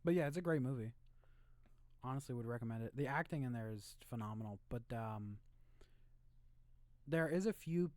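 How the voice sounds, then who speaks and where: A man's voice: mid-range voice, normal speed, pauses often, darkish tone, no room sound. A young man co-hosting a podcast, laid-back and wry, chatting casually. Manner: laid-back, short agreeing replies, wry. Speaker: podcast co-host. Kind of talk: casual chat.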